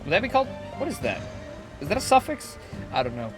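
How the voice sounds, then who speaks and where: A young man streaming a video game, joking, swearing and reading dialogue aloud with loud excitement. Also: high-pitched, fast talker. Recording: game music behind.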